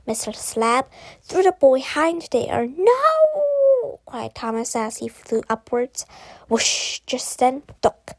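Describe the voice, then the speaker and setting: A woman reading a children's book aloud slowly and carefully, with the odd small stumble. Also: a little high, darkish tone, no echo, low-quality recording. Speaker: storybook reader.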